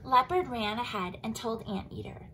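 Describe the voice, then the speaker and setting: A woman teacher reading a picture book aloud to children and explaining it in a lively way. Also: a little high, normal speed, a little hiss or hum, rough recording. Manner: animated, explaining to kids.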